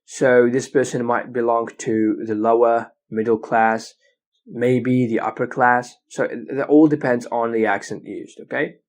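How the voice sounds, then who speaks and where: A man giving a recorded lecture as an English teacher, explaining slowly and often checking with "okay?". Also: medium pitch, a little mellow.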